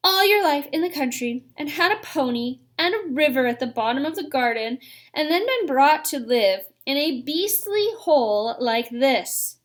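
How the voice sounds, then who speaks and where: A woman's voice: high voice, animated, normal speed, voice pushed up. A woman doing an upset, wound-up schoolboy. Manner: upset, insistent. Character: miserable, wound-up young schoolboy.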